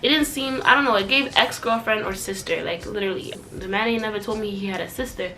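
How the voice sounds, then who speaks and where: A young woman telling a storytime vlog in casual chat, sarcastic and animated, shooting up in pitch when outraged and dropping low and quiet for asides. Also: fast, slight background noise. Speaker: vlogger.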